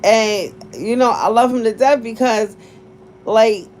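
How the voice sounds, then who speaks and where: A woman's voice: on the high side, fairly even intonation, slow, darkish tone, slight background noise. A woman in her forties telling a casual story to her viewers, blunt and profane, laughing often as she talks. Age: 40s. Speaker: vlogger.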